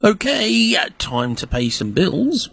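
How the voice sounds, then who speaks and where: A man's voice: medium pitch, big pitch swings, measured pace, slightly rough. A man hosting an overnight radio show, chatting and telling jokes with dry humor. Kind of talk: casual radio banter and joke telling.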